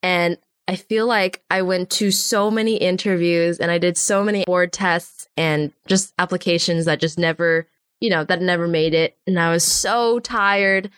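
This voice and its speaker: A woman's voice: on the low side, moderate pace, clean tone, no room sound, studio quality. A woman in her twenties, a storyboard artist, chatting casually in an interview and animatedly acting out the voices of people in her stories. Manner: animated, acts out quoted voices.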